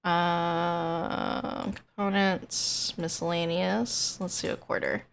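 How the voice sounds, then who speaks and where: A woman's voice: on the low side, little pitch movement, slow, creaky, a little hiss or hum. A woman streamer in casual, rambling chat, hesitant and self-deprecating.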